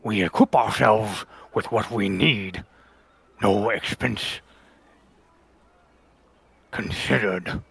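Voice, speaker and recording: A man playing a slow gravelly silver dragon. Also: on the low side, fairly bright tone, exaggerated voice. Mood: stiff. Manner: stiff and formal, speaking through gritted teeth. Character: haughty male silver dragon knight. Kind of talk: tabletop role-play.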